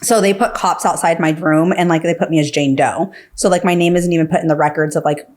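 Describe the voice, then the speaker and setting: A woman's voice: deep voice, fairly even intonation, quick pace, darkish tone. A woman guest on a podcast, telling her story casually, full of fillers and acting out what others said. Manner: filler-heavy, acts out quoted dialogue.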